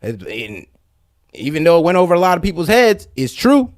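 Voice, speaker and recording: A man's voice: a little high, wildly swooping pitch, moderate pace, no room sound, studio quality. A man hosting a casual reaction show, talking in laid-back slang with laughing asides. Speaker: host.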